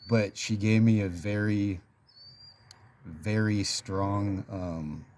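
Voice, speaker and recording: Low-voiced guy rambling through a story for his vlog, lots of ums and likes, slight background hiss. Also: steady tone, slow pace, a little mellow. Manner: rambling, chatty, lots of fillers and laughs. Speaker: vlogger telling a story. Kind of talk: casual storytelling monologue.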